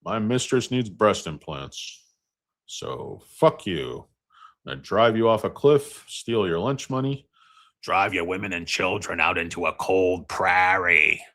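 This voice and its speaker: A man's voice: low-pitched, a little slow, sharp tone, exaggerated voice. A man voicing an arrogant, bullying male market tycoon who talks in a crude, boastful and sneering way.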